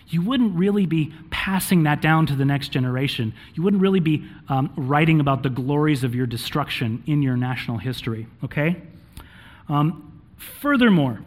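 A married man preaching a sermon, reading scripture aloud and often checking in with the congregation with "okay?" between points. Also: on the high side. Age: adult, married. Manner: checks in with frequent "okay?", with fillers. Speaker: pastor.

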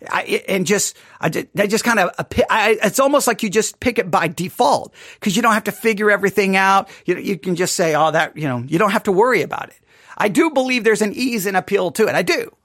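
A man's voice: high voice, brisk, fairly bright tone, no echo, studio quality. A man teaching a Bible study, reacting to a sermon with emphatic, sarcastic exasperation. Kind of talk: livestreamed Bible study commentary.

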